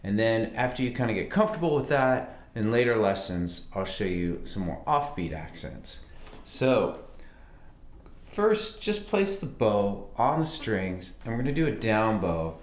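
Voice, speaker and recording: Lively-voiced man teaching fiddle. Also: lowish voice, a little slow. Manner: relaxed, conversational, counts beats aloud. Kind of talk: casual music lesson. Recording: roomy sound with fiddle playing.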